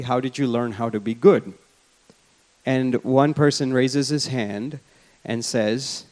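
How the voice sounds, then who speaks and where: A man giving a conference keynote, telling stories in a reflective, conversational way. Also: mid-range voice. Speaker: keynote speaker. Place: lecture hall at a symposium.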